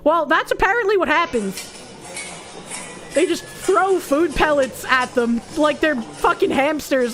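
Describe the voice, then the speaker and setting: High-pitched, sarcastic young woman streamer. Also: lively intonation, a little slow, music in the background. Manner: blunt, sarcastic, heavy swearing. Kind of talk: casual chat reacting to chat messages.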